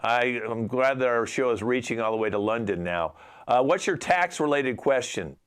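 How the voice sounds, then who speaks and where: A man hosting a mock radio tax call-in show in an improv comedy show, exasperated and dishing out deadpan put-downs. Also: medium pitch, normal speed, clean tone. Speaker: improv host playing radio tax advisor. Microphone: video call.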